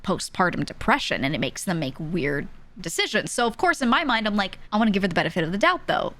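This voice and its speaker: A young woman streamer telling a story in a casual, animated way, often laughing and acting out the people she quotes. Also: mid-range voice, fast talker.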